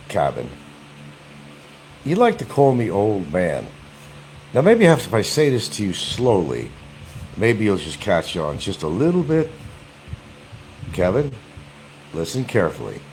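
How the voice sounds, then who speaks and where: A man vlogging from a room in his home in casual chat, mocking and repeating his points slowly and deliberately. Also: lowish voice, huge pitch swings, a little mellow, a little hiss or hum.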